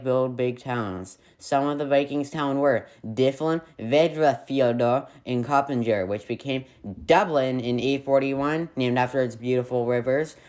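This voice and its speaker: A man's voice: mid-range voice, a little mellow. Playful, sarcastic male history narrator. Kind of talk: scripted narration with jokey asides.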